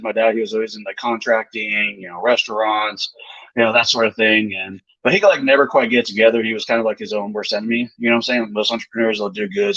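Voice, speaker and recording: A man talks in a laid-back, slang-heavy way as a podcast guest, dropping "man" and "dude" constantly. His voice is bright and forceful. The call audio is dry, close and dull. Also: on the low side, no echo. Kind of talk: casual storytelling.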